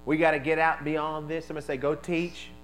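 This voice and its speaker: A man with a fairly high voice preaches in a church, drawing his congregation into call-and-response. He drops to quiet, confiding asides, then bursts into shouted exclamations. A faint electrical hum sits under the recording. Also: completely flat delivery, rapid-fire, low-quality recording. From American East Coast. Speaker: pastor. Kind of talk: sermon.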